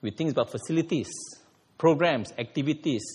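A man preaching a sermon in an animated way, with sudden emphatic rises. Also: on the high side, brisk, husky, in a large hall. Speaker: pastor.

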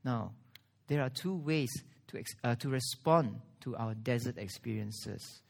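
A man preaching a sermon, earnest, with strong pauses and rising emphasis. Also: mid-range voice, vocal fry, a little mellow. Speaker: pastor.

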